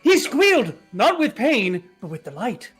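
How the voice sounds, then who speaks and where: Dude playing a cheeky admiral lord, high voice, all "forthwith" and "post haste". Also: male voice, huge pitch swings, unhurried, fairly bright tone, slightly rough, faint music behind, full character voice. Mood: bawdy. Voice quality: theatrical, archaic phrasing. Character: bawdy pompous male naval lord. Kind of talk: improvised tall-tale storytelling.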